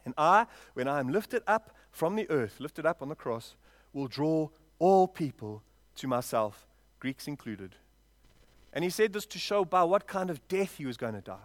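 High-voiced man preaching a lively sermon. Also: moderate pace, no echo. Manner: lively preaching, swings from loud to quiet, asks the congregation questions. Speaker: pastor. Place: church, before a congregation.

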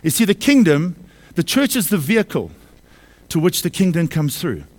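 Male pastor, slightly raised pitch, emphatic sermon delivery with repeated lines and rhetorical questions. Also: sing-song, moderate pace. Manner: emphatic, repeats key phrases and asks the congregation questions. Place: church service.

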